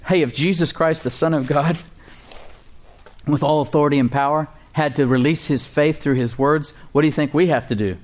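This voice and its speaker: A male pastor preaching a sermon, asking the congregation questions, rising high for quoted cries and dropping low and soft for quiet moments. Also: steady tone, moderate pace.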